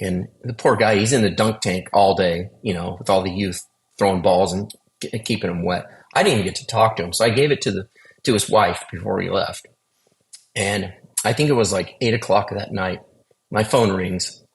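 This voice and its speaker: Man, low gravelly voice, earnest storytelling testimony, casual interview. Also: low-quality recording. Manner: earnest, conversational, acts out quoted dialogue. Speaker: guest sharing testimony.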